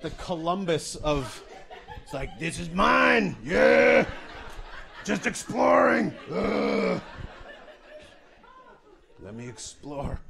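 Animated man telling a stand-up story. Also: medium pitch. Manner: animated, self-mocking, full of asides. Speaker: stand-up comedian.

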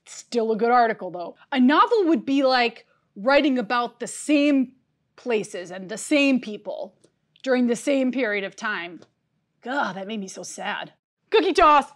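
In this comedy sketch, a high-voiced woman portrays a cheerful but scatterbrained employee who loses focus fast. Her delivery is bright, chirpy, and all over the place.

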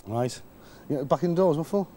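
A man's voice: a little high, lively intonation, moderate pace, mellow, slight background noise. Bemused man reporting from outdoors. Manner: bemused, laughing interviewer. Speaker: outside reporter.

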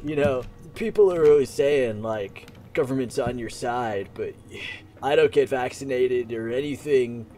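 A man's voice: mid-range voice, a little slow, dark tone, slight background noise, lightly acted. An actor playing a laid-back male conspiracy theorist in a video game, rambling with lots of "like" and "man". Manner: laid-back, filler-heavy drawl with "like" and "man".

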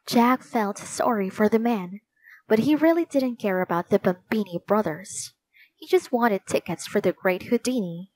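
A woman reading a children's storybook aloud in slow, clear narration. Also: medium pitch, lively intonation, a little mellow, no room sound. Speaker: storybook reader.

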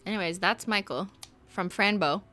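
A woman's voice: mid-range voice, moderate pace, sharp tone. A woman streaming a game, chatting casually, laughing often and reading the game text aloud. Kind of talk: casual gameplay commentary.

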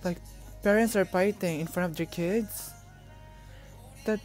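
A woman's voice: fairly low pitch, unhurried, darkish tone. A young woman from the Philippines, gushing and emotional as she reacts to a music video, exclaiming often.

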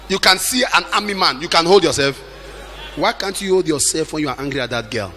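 A middle-aged man preaching a sermon with emphatic delivery, at times shouting and acting out the people he quotes. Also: fairly high pitch, lively intonation, a little fast.

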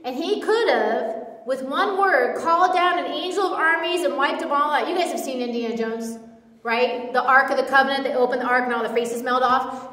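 A woman's voice: sits high, animated, moderate pace, a bit bright. A woman preaching a sermon in a conversational way, with lots of casual filler words. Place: church hall. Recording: echoey hall from far off.

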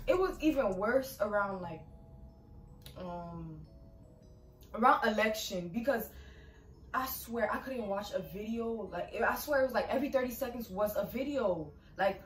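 A woman's voice: medium pitch, expressive, takes it slowly, long pauses. A young woman vlogger ranting about her pet peeves in a sassy, emphatic way, full of "like". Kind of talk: casual ranting vlog. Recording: echoey room, far from mic, music behind.

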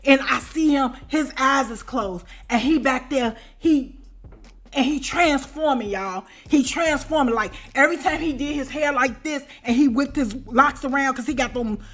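A woman in her forties tells a storytime tale in a loose, chatty way. Her voice sits a little high, and she keeps checking in with her listeners through constant asides and plenty of slang. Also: moderate pace. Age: 40s. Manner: animated, repeats "you know what I'm saying". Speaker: storyteller vlogger. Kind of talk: casual storytime.

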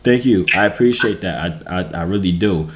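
A man's voice: low voice, a little fast. Joking young man on a noisy video call.

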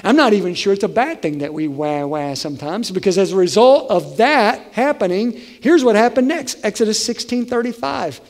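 A male pastor preaching a conversational, animated sermon in a church sanctuary. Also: high voice, normal speed, hardly any pauses. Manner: conversational, animated, acts out voices. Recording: long hall reverb.

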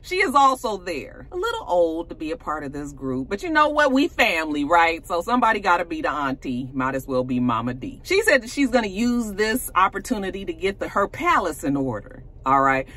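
A woman's voice: on the low side, big pitch swings, fairly quick, hardly any pauses, a bit bright. A woman casually recapping a reality TV episode, chatty and sassy, with "you know" asides and laughs as she talks.

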